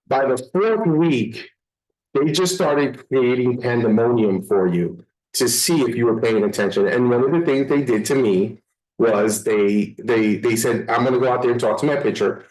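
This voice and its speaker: A man hosting a casual podcast conversation, an animated storyteller telling umpire stories. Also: moderate pace, rough recording. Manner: animated storyteller, voices get higher when quoting people. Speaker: podcast host.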